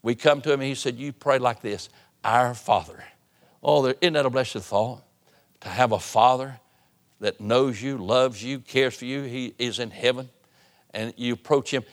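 A man preaching from a church pulpit, his voice at an ordinary middle pitch. He presses hard on appeals, then drops to a near hush for tender lines. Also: fairly even intonation, moderate pace. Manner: emphatic preaching, swings from loud appeals to hushed tones. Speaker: pastor. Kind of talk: sermon. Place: church sanctuary.

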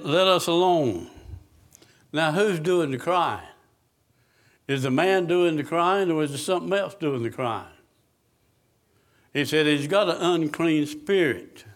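A man preaching a sermon, asking the congregation questions and answering them himself. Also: a little high.

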